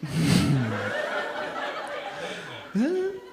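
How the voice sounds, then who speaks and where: A male compere works the crowd at a comedy club with brash, sweary teasing. His voice sits high and bounces all over the place. The room around him rings with echo from the stage mic. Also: huge pitch swings, drawn-out words, heavy background noise. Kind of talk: crowd work at a stand-up gig.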